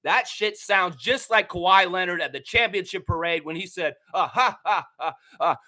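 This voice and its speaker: A man from Canada hosts a fan show and rants with profane, heated anger. His voice sits high and sounds bright and tense as he fires off his complaints. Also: lively intonation, normal speed. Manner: angry, profane, heated ranting. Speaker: basketball fan show host. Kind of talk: ranting commentary.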